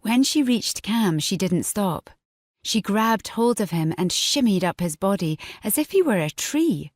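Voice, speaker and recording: Woman audiobook narrator, slow measured reading, lowish voice, dry close studio sound. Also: expressive, darkish tone, dry recording. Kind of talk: scripted narration. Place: recording studio. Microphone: close studio mic.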